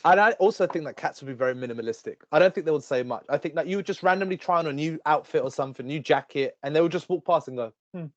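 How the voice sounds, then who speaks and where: A man co-hosting a casual podcast chat, animated and prone to silly high voices. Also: rapid-fire, few pauses, lo-fi sound. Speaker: podcast co-host.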